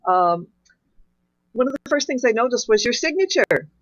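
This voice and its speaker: A woman from a church community giving earnest thanks and leading an affirmation, slowing on key phrases. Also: fairly high pitch, very animated, no echo, muffled recording. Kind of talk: heartfelt formal thanks in a church service.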